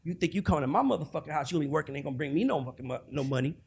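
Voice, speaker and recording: A man's voice: fairly high pitch, rapid-fire, vocal fry, a little mellow, breathy edge, heavily acted. An Atlanta man putting on his angry mother scolding her teenage son.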